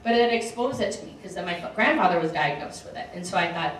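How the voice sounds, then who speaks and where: A woman's voice: lowish voice, fast, hardly any pauses. A middle-aged woman, a state representative, giving an informal lunch speech and acting out the voices in her stories. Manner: animated storytelling, acts out quoted voices. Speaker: state representative and alum speaker. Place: university event hall. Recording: echoey hall, far from the mic, faint noise.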